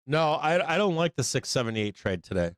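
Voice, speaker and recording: A man's voice: on the high side, sing-song, brisk, smooth, no echo. A man hosting a live trading stream, talking in a rambling, profane way full of fillers and mocking quotes of other traders. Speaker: livestream trading host. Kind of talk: casual live-stream commentary.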